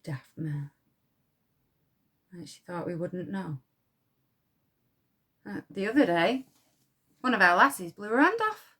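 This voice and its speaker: An actress playing a blunt, defiant young wartime munitions worker with a Yorkshire accent, who swears freely and talks with scorn. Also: female voice, fairly low pitch, animated, slow pace, pauses often, sharp tone, slightly rough, full character voice. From Yorkshire, England. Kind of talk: dramatic monologue.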